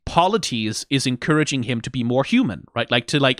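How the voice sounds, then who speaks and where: A man talks through a reaction video in an animated, casual way, tossing in mocking impressions and plenty of swearing. His voice sits at an ordinary middle pitch. The sound is dry and close, with no room around it. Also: quick pace, hardly any pauses, no room sound. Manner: animated, acts out characters' lines mockingly, swears freely. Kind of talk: casual commentary.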